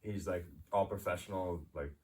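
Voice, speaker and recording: A man's voice: low voice, moderate pace, darkish tone. A man co-hosting a podcast in casual chat, easygoing and joking, talking to the listeners. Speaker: podcast co-host. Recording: distant mic with faint noise.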